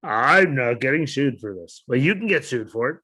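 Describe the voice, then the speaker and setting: A young man co-hosting a casual wrestling podcast, ranting with lots of swearing and sudden shouted bits of quoted dialogue. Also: mid-range voice, normal speed, husky. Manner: ranting, profane, animated, shouts out quoted lines. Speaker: podcast co-host.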